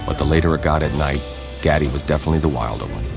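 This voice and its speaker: A man narrates a sports documentary in an extremely deep, low voice. His delivery is measured, scripted and dramatic. A loud music score plays under every line. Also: gravelly.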